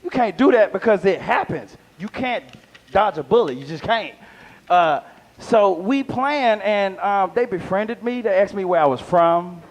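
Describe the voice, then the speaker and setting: Older male comic with a high voice, loose and rambling live set, chuckling through his punchlines. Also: lively intonation, unhurried, dull audio. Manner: rambling, playful, laughs at own jokes. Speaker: stand-up comedian, guest. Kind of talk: live stand-up comedy. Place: live comedy venue with audience.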